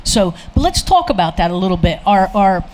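A woman's voice: mid-range voice, sing-song, fairly quick, a little mellow, a little hiss or hum, rough recording. Woman moderator, encouraging, loose and filler-heavy. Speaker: panel moderator. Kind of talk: moderating a panel. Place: expo hall panel.

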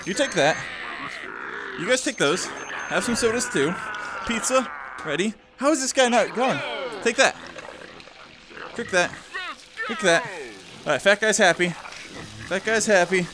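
Excitable man, frantic gameplay commentary. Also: high-pitched, a little slow, long pauses, noisy background. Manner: excitable, frantic, self-mocking. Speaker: gameplay video host.

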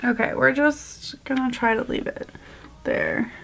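A woman's voice: a little high, huge pitch swings, measured pace, gravelly, fairly bright tone. A woman vlogger chatting casually through a makeup tutorial, joking about her own mistakes. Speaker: beauty vlogger.

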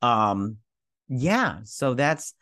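A man of medium pitch hosts his own fan news channel. He reads an article aloud and comments on it loosely, with plenty of fillers and false starts. His voice is close and dry, with no room sound. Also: big pitch swings, drawn-out words, fairly bright tone, no room sound. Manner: chatty and rambling, with many fillers and restarts. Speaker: host of a geek news channel. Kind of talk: casual reaction video, reading news aloud.

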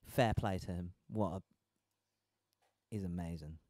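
A man giving casual, excitable commentary while playing a game with friends, laughing and exclaiming often. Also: sits low, measured pace, no echo. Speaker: gaming streamer.

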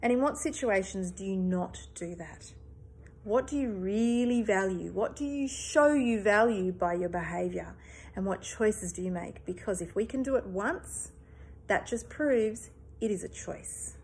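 A woman's voice: mid-range voice, animated, measured pace, a little mellow, breathy edge. A woman in her thirties, a therapist, talking earnestly and emphatically in a personal reflective monologue, swearing casually.

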